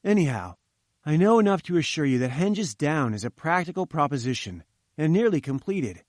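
A man voicing a talkative young male journalist, speaking in a brisk, confiding and enthusiastic way. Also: fairly high pitch, very animated, no echo, clean studio sound. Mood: eager. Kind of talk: audiobook character reading.

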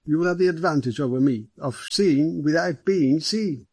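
A man's voice: on the high side, normal speed, darkish tone, dry recording, voice pushed up. A man voicing a large, genial, grey-haired police superintendent, speaking in a hearty, affable way. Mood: candid.

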